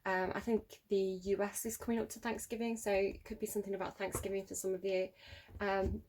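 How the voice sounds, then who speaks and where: A woman's voice: mid-range voice, level tone, fairly quick, a little mellow. A woman reading tarot cards to camera at home, musing and thinking aloud with many fillers. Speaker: tarot reader. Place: home room near a road.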